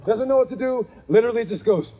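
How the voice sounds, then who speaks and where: Speaking fast in a very high voice, this man tells stories at a men's gathering before a live audience in an event venue. He keeps it conversational, asks "right?" a lot and performs each person in his stories. Crowd noise, background noise and long hall reverb fill the recording.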